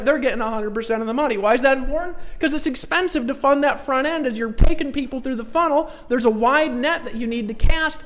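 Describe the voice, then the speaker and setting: Man, online marketing trainer on a live stream; emphatic, repetitive, folksy sales talk. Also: extremely high pitch. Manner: emphatic, repetitive, folksy, pushes the audience to commit.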